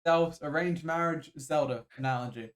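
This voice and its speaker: With a voice on the high side and a normal speaking speed, this Bangladeshi man co-hosts a podcast, joking around in casual conversation and leaning on video game comparisons to make his points.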